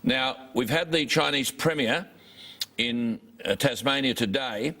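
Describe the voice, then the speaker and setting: A man's voice: mid-range voice, a little slow, sharp tone. Australian male co-host, emphatic, rhetorical, mid-range voice. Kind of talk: pointed interview questioning.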